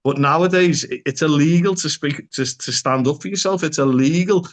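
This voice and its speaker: A man with a fairly high-pitched voice, speaking at normal speed, appears as a psychotherapist guest on a casual podcast. He talks frankly and bluntly, swearing freely and dropping local slang.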